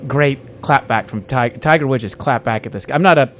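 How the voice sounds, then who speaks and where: A man's voice: mid-range voice, brisk, a bit bright, a little hiss or hum. Enthusiastic man hosting a podcast. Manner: enthusiastic, rambling, with restarts. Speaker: podcast host. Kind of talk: casual interview chat. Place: indoor podcast studio.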